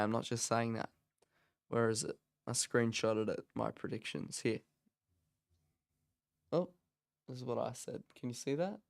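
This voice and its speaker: A man talks through a match in a loose, rambling way, with sudden excited bursts. His voice is smooth and resonant. The sound is close and dry, with no room echo. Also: medium pitch. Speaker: watch-along host. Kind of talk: casual live match commentary. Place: office.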